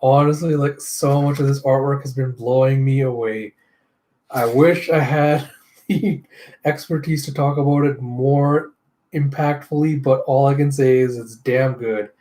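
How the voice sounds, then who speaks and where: A man with a mid-range voice hosts a casual comic readthrough. He narrates in a chatty, relaxed manner, sprinkling in spoken sound effects. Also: mid-range voice, measured pace.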